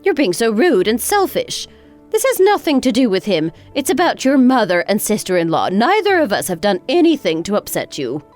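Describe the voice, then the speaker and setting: A woman's voice: on the high side, very animated, moderate pace, a little mellow, faint music behind. A woman voicing an indignant older mother-in-law. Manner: stammering, defensive, exasperated. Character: indignant older mother-in-law, proud, quick to take offense.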